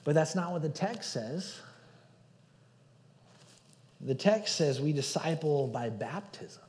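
Man, pastor, sermon, earnest, loud then hushed, warm tone, long reverb. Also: a little high, animated, slow pace. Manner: earnest preaching with swings from loud emphasis to hushed. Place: church sanctuary. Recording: hall reverb.

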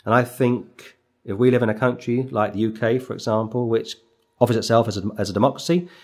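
A man delivers an expository sermon in a mid-pitched voice. He leans hard on key words and pauses for effect. He calls out verse numbers as he works through the passage. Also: steady tone, darkish tone. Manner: emphatic, with slow dramatic pauses; reads verse numbers aloud as he goes. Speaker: preacher.

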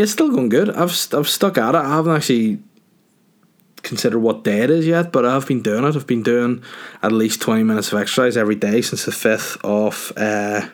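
Crude joking Northern Irish guy. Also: medium pitch. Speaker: podcast host answering listener questions. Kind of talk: casual chat.

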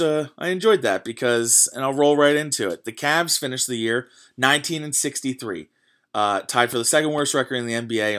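In a medium-pitched voice with a fairly bright tone, a podcast host delivers a casual solo rant on sports. He works himself up, cursing often and dropping frequent fillers.

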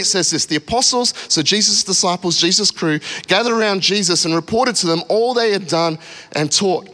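A man in his thirties preaching in a church, telling a story with lively acted-out voices before a sermon. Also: high voice. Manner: animated storyteller, acting out voices. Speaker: pastor. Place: church hall.

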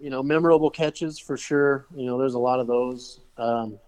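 A man's voice: mid-range voice, fairly even intonation, normal speed, a little mellow, clear, resonant tone, no room sound. A man, a fishing guide, telling casual stories as a podcast guest, rambling with fillers and laughing as he goes. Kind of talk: casual storytelling.

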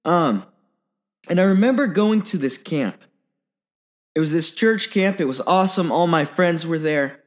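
A man's voice: a little high, lively intonation, a little slow, long pauses. A young man sharing a personal testimony in an earnest, candid sermon style, often using fillers.

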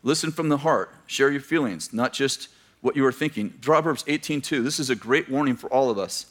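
A man's voice: medium pitch, fairly quick, fairly bright tone. A male pastor giving a sermon, telling stories, acting out the voices of the people in them and joking with his listeners. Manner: storytelling, acts out quoted voices, joking asides.

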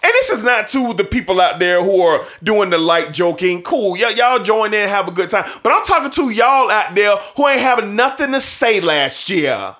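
A man's voice: high-pitched, animated, moderate pace, few pauses, fairly bright tone, faint music behind. A man hosting a sports show, ranting emphatically and repeating his points for effect, with bursts of laughter between points. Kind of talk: sports opinion rant.

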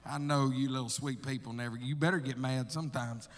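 A male missionary preaching a testimony sermon, animated and storytelling, acting out his own prayers and calling listeners brother. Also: mid-range voice, brisk. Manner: calls listeners brother, laughs between stories. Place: church sanctuary. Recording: long hall reverb from a church.

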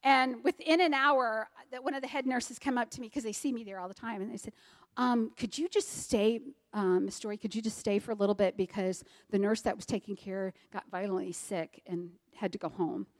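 A middle-aged woman from Maryland giving an earnest personal testimony, swinging between loud and soft. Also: mid-range voice, fairly even intonation, normal speed. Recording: long hall reverb.

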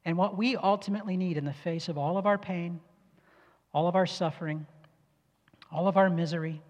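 A man's voice: steady tone, brisk, muffled recording. Earnest male preacher in a reverberant hall. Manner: earnest, emphatic, drops low and soft at key phrases. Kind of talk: sermon. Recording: long reverb of a church hall.

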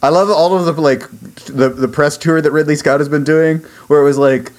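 A man's voice: on the high side, fairly even intonation, moderate pace. A man in casual podcast chat, joking wryly and recapping a story. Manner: wry, joking, recaps plots.

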